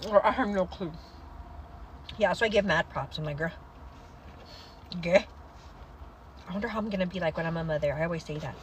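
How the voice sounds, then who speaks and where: A young woman hosting a casual livestream, chatting to viewers and telling stories in an animated way. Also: lowish voice, a little fast, pauses often, slight background noise, low-quality recording. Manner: chatty, animated storytelling, calls viewers girl. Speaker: livestream host.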